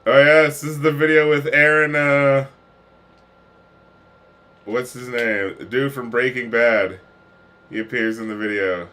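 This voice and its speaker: A man's voice: mid-range voice, steady tone, unhurried, long pauses, sharp tone. A man streaming a music reaction, retelling a video in a loose, profane, laughing way. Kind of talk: casual reaction commentary.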